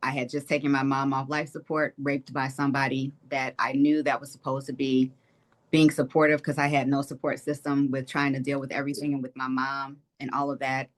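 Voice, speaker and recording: A woman's voice: extremely low pitch, little pitch movement, brisk. Woman from Detroit, interview guest recounting family loss, earnest and reflective. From Detroit, Michigan. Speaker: state representative, guest. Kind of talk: personal testimony in an interview.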